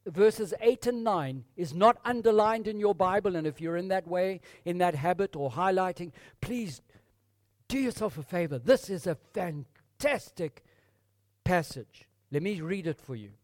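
A man's voice: sits high, expressive, measured pace, a little mellow, no echo, clean studio sound. A man preaching a sermon, reading scripture with rising emphasis and calling his listeners folks. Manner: addresses congregation as folks.

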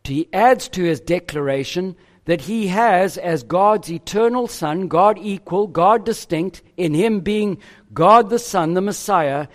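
A man preaching a sermon in an emphatic, deliberate way, pausing on each phrase. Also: high-pitched. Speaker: pastor.

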